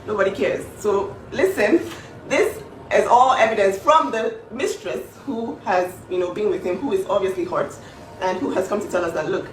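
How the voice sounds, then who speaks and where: A woman's voice: mid-range voice, moderate pace. A woman speaking up for her younger sister in a casual vlog, emphatic and repetitive, with many fillers. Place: home kitchen. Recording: echoey room, mic at a distance, faint background noise.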